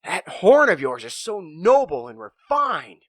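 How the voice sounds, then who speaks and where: A man's voice: high voice, unhurried, no echo, clean studio sound, heavily acted. A man voicing an arrogant male bird with a raised, chirpy delivery. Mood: flattering. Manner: boastful, then flattering.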